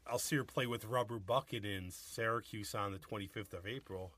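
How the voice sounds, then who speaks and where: A chatty man trading banter as a podcast co-host, at an ordinary middle pitch. His voice is bright and forward. The recording is dry and close. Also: brisk, dry recording. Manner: chatty, tells joke stories in acted quotes. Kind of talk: casual chat.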